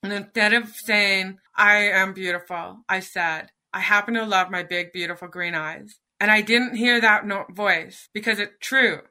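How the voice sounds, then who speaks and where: A woman's voice: mid-range voice, unhurried, few pauses, pushed and bright. A middle-aged woman, a podcast guest, telling a personal story in an earnest, emotional way.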